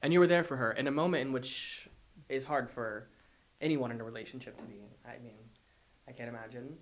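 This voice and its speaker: A man's voice: mid-range voice, fairly quick. A man hosting an interview, responding with empathy and short affirming remarks. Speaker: interviewer, host. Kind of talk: interview conversation.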